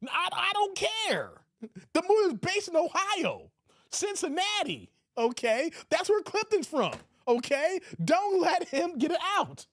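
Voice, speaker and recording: A man's voice: very high voice, sing-song, unhurried, a bit bright. A man hosting a casual reaction stream, joking and reading out chat comments, repeating his catchphrases.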